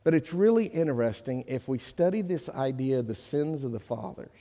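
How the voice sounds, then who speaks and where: The long reverb of a church hall surrounds a middle-aged male pastor preaching a sermon in the sanctuary. His medium-pitched, warm voice moves a little fast with lively intonation, earnest and conversational as it builds to emphatic peaks.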